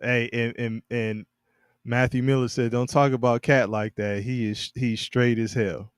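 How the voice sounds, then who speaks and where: A man co-hosting a casual sports podcast, talking in halting bursts with many restarts and frequent laughter. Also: mid-range voice, little pitch movement, clear, resonant tone, no echo, clean studio sound. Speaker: podcast co-host.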